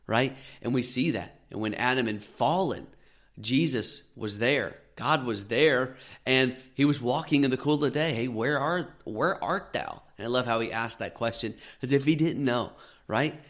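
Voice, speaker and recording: A man in his thirties giving an earnest, gentle devotional sermon as a podcast host, often dropping to soft tones. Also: medium pitch, brisk.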